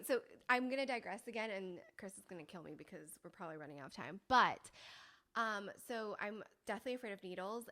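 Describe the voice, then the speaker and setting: A woman hosting a beauty podcast, chatting casually and wandering into excited stories. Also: mid-range voice. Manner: excitable, digressive, quick to laugh. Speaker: podcast host.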